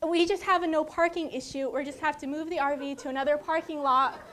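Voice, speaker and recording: A woman's voice: sits high, fairly even intonation, fast talker, a bit bright, slight background noise. Woman doing a genteel English male dentist. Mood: reassuring. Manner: polite, soothing reassurance.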